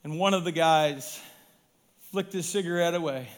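High-voiced man preaching a sermon. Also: normal speed, long pauses. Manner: emphatic, swinging from loud to hushed. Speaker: pastor.

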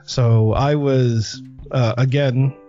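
A man hosting a podcast, telling a story in a lively, animated way during a casual interview. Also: medium pitch, extremely slow, highs cut off, soft background music. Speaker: podcast host.

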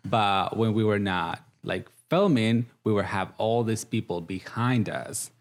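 Man in his thirties, guest, English, chatty, lowish voice. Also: animated, a little slow. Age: 30s. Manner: chatty and warm, with many "like" fillers. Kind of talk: casual interview.

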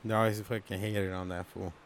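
A man's voice: low-pitched, level tone, brisk. A man co-hosting a podcast, chatting in a slangy, profane, teasing way. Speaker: podcast co-host. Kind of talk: casual chat.

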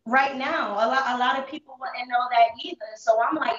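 A young woman with a high voice tells her story candidly in street slang, stopping and restarting as she holds back tears. She sounds a little far from the mic, in a roomy space with a dull sound. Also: fast, few pauses, a bit bright. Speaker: interview guest. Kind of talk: emotional personal testimony.

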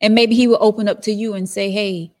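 A woman's voice: mid-range voice, steady tone, brisk, darkish tone. Laid-back woman giving frank advice. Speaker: podcast co-host giving advice. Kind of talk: casual chat.

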